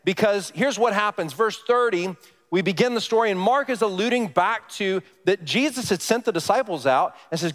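Male pastor, high-ish voice, conversational sermon, long church reverb. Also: animated, moderate pace, fairly bright tone. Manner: conversational, asks the congregation questions.

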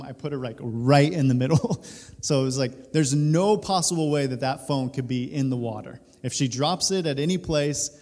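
A man in his thirties, a pastor, telling a personal story during a sermon, animated and laughing through it. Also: mid-range voice. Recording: reverberant hall.

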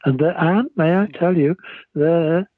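An older man with a Liverpool accent telling rambling, lively anecdotes as an interview guest, over a tinny phone line. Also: on the high side, unhurried, no room sound. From Liverpool, England. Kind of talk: anecdotal storytelling.

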